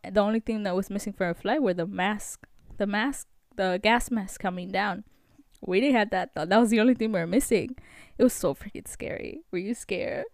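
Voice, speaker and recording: A young woman hosting a vlog, telling a story in a chatty, animated way with lots of fillers. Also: medium pitch, moderate pace, no echo, clean studio sound. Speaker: vlog host.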